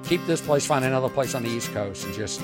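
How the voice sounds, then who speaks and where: Lively, rambling man from Boston. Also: medium pitch, quick pace, over music. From Boston, USA. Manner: rambling, animated storyteller with asides and restarts. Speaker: podcast host. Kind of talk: casual monologue podcast.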